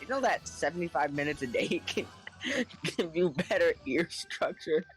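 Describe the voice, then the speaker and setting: A man telling a story in casual podcast chat, animated and acting out the people in it, laughing now and then. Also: fairly high pitch, normal speed, faint music behind. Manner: animated, acts out the other people in his story; laughs between lines.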